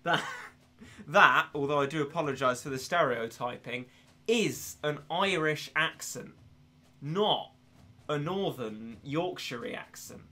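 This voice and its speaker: A man's voice: on the high side, bright, forceful tone. Chatty English man streaming a game. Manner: rambling, self-deprecating, laughs often. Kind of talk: casual gaming commentary.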